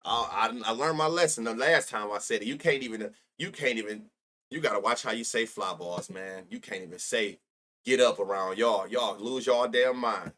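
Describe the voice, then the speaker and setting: A man's voice: mid-range voice, lively intonation, normal speed, bright, forceful tone. A young man streaming live about sports bets, rambling and profane, laughing often and talking straight to his chat.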